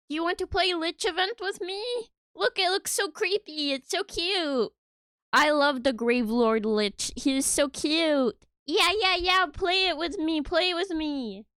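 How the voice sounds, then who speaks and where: A woman with a very high, fairly bright voice speaks a little slowly, recorded at studio quality with no echo. She's a streamer at home, chatting playfully and giggling with her viewers into a desk microphone in a casual livestream.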